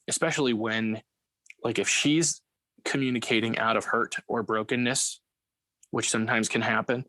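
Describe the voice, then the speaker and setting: A man's voice: fairly low pitch, sharp tone, dry recording. A man hosting a casual interview, talking in a conversational way with frequent filler phrases. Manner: conversational, many "you know" fillers. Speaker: interview host.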